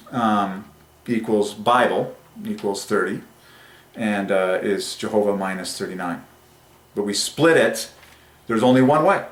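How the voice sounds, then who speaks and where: A man hosting a religious numerology channel, speaking in an excited monologue that swings between rapturous bursts and quiet musing. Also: lowish voice, roomy sound.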